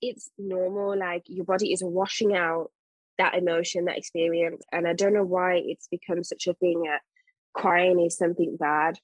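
Mother as podcast guest: earnest, emphatic woman with a lowish, breathy voice. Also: little pitch movement, normal speed, dry recording, rough recording. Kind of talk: casual podcast conversation.

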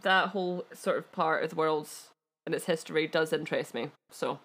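A woman's voice: deep voice, brisk, a bit bright. A Scottish woman co-hosting a podcast, chatting casually and telling a history story with giggly, self-deprecating asides. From Scotland. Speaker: podcast co-host.

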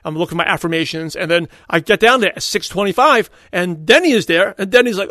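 A man hosting a podcast, telling casual stories and quoting people in quick back-and-forth. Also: high voice, bright, forceful tone, no echo, studio quality. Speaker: podcast host. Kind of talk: casual storytelling monologue.

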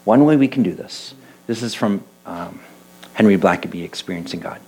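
Husky-voiced preacher with mains hum. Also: male voice, low-pitched, moderate pace, poor audio. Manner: animated storytelling, voicing quoted people. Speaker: church elder preaching. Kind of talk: conversational sermon.

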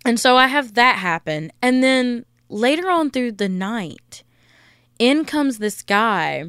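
A young woman hosting a podcast, telling a story in a blunt, profane, animated rant. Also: a little high, takes it slowly, smooth, no room sound, studio quality. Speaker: podcast host.

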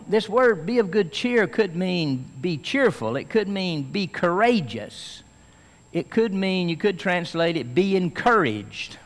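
A man's voice: mid-range voice, in a large hall. A man preaching a sermon as pastor, earnest and explaining Scripture, rising to strong emphasis at times.

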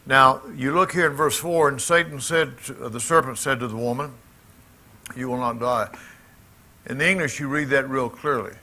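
A man's voice: mid-range voice, normal speed, pushed and bright. A middle-aged man from Mississippi with a Southern accent, preaching a sermon to a congregation in an emphatic, folksy way with asides to the crowd. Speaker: pastor. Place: church congregation.

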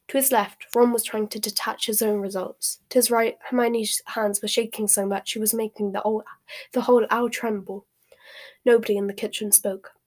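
A woman narrating a storybook with a measured, expressive reading. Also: mid-range voice. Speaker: audiobook reader.

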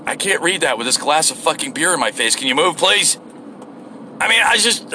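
A man's voice: fairly high pitch, brisk, noisy background. A middle-aged man giving a blunt, profane rant to camera in a casual vlog, out near his home. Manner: blunt and swearing, animated. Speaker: vlogger.

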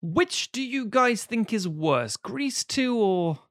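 A man's voice: sits high, takes it slowly, no echo, studio quality. A man co-hosting a casual film podcast, retelling scenes animatedly and swearing freely. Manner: animated storyteller who acts out scenes and swears. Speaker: podcast co-host. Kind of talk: casual film commentary chat.

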